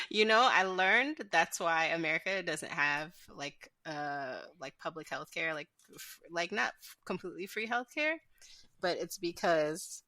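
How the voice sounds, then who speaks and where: Woman host, lowish pitch but bright edgy tone, chatty and rambly, dry sound. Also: no echo. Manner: rambling, many "like" fillers and restarts. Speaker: podcast host. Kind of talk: casual podcast conversation.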